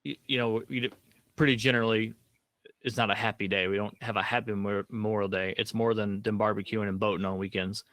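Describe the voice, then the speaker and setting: A man's voice: fairly low pitch, steady tone, fast, a bit bright, no room sound. A man co-hosting a veteran livestream, talking casually with restarts and wry asides. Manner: conversational, repeats words while thinking, wry asides. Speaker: co-host of a veteran livestream show.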